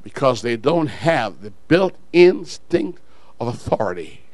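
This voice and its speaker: A male pastor preaching a sermon in an animated way, shouting at some points, dropping low at others and chuckling at his own asides. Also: measured pace, no echo, rough recording.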